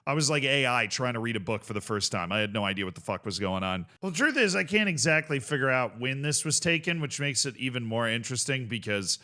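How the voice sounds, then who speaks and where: A young man hosting a casual video reaction show, talking in an animated, rambling way with swearing and bursts of laughter. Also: mid-range voice, fast talker, few pauses. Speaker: host.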